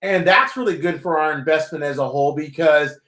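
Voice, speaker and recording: A man hosting a live call-in stream talks in a loose, rambling, joking way. His voice sits a little high for a man and rings in a roomy space. His casual chat jumps between reading news items and bantering with callers. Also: fairly quick, sharp tone. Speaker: host of a live call-in currency show. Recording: roomy echo.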